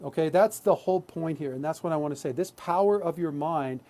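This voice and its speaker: A man's voice: on the high side, a little fast, dark tone. An adult man presenting a live workshop, talking earnestly and often checking in with "right?". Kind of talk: live online workshop talk.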